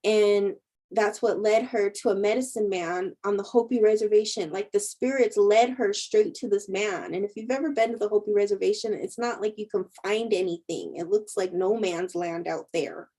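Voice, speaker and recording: A chatty female spiritual teacher and intuitive healer shares stories on a casual livestream, often breaking into laughter. Her warm, mid-range voice keeps fairly even intonation at a moderate pace, though the recording is rough.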